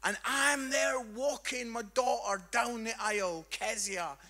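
Brief: bright, high male preacher, middle-aged, comic and animated storyteller. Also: a little slow, soft background music. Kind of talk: humorous sermon. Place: church hall with congregation.

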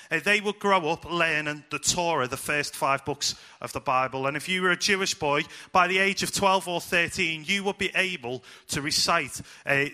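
A man preaching to a church congregation with a very bright, ringing tone, his voice sitting a little high for a man. He talks in a lively, chatty way, quizzing the children and teasing them. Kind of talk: informal sermon to a church congregation.

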